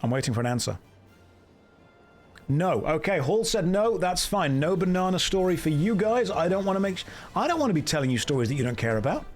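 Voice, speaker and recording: Sarcastic British male streamer, slightly high, quick deadpan banter, faint music. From Britain. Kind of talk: casual livestream commentary.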